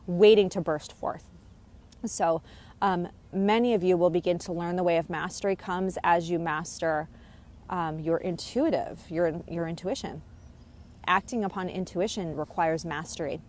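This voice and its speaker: A woman speaks in a loose, rambling way as she passes on a spirit's words. Her voice sits a little low, and her talk is full of fillers, restarts and bursts of giggles. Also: darkish tone. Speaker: spirit medium relaying messages. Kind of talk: casual channeling monologue.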